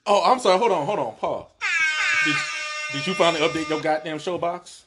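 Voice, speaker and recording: A man's voice: a little high, a little fast, over loud music. A man in a casual podcast chat, throwing in hype, profane interjections.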